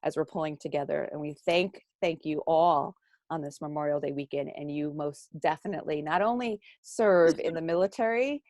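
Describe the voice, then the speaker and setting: A woman's voice: low voice, moderate pace, darkish tone, dry recording. Teary, gushing woman on a dry tablet mic. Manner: gushing, laughing, tearful and effusive. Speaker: life coach hosting a live video chat. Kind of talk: emotional casual live chat.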